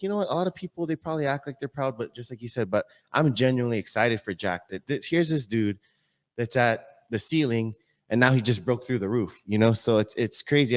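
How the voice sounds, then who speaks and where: A man who works as a fitness model, a guest on a podcast, talking earnestly and excitedly in casual chat, often repeating himself. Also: medium pitch.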